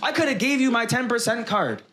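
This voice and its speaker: Ranting high-voiced man, profane. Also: expressive, brisk, bright, forceful tone, a little hiss or hum. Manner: profane venting rant. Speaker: podcast guest. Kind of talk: casual chat.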